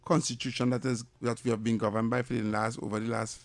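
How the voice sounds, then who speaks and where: A man's voice: mid-range voice, little pitch movement, quick pace, no room sound. An older man with a Trinidadian accent co-hosting a talk radio show, blunt and opinionated, often repeating himself. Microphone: studio mic.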